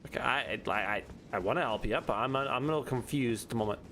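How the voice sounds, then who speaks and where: A man's voice: mid-range voice, fast talker, a bit bright, slight background noise. A young man streaming a video game, joking and talking back to the characters. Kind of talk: casual gameplay commentary.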